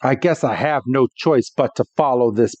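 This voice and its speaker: A man co-hosting a podcast who recaps a cartoon episode in a casual, animated way and laughs as he goes. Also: medium pitch, moderate pace, no room sound, highs cut off. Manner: animated, laughs while he talks. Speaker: podcast co-host.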